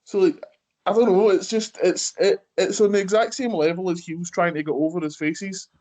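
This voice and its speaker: A man's voice: high-pitched, fairly even intonation, moderate pace, a little mellow. A Scottish man hosting a wrestling podcast, talking in a rambling casual way full of "like" and "aye". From Scotland. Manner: rambling, peppered with "like" and Scots "aye". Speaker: podcast host. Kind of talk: casual chat.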